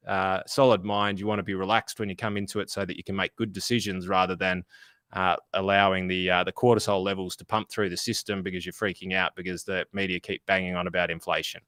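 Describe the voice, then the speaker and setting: A man's voice: low-pitched, dry recording, studio quality. Blunt Australian man, casual finance chat. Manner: blunt, swears freely, animated asides. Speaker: podcast co-host.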